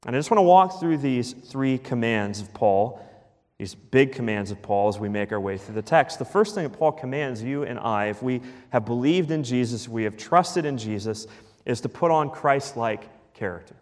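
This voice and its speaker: A man preaching a sermon as pastor, emphatic, repeating key phrases and dropping to a hush at the ends of lines. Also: medium pitch, lively intonation, moderate pace, long reverb tail.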